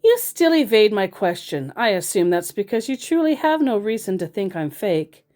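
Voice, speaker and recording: A woman's voice: mid-range voice, big pitch swings, moderate pace, a little mellow, pitched above the performer's own voice, lightly acted. A woman mimicking a pushy male scammer. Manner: needy, insistent, pet names.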